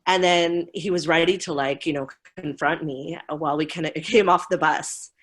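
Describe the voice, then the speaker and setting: A woman in her forties speaks as a school administrator in a relaxed interview. She tells stories with energy, laughing often and slipping into quick impressions of the people she quotes. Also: deep voice. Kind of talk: casual interview storytelling.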